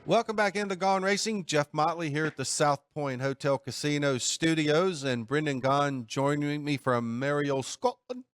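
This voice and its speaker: Steady male studio host. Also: on the high side, normal speed, hardly any pauses, clear, resonant tone, no echo, soft background music. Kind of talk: sports betting talk show.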